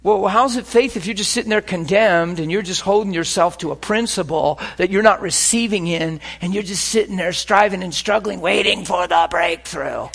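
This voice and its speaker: A man preaching a sermon, animated and full of stories, moving between loud exclamations and quiet, hushed asides. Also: high voice, normal speed, vocal fry, hardly any pauses, slightly rough.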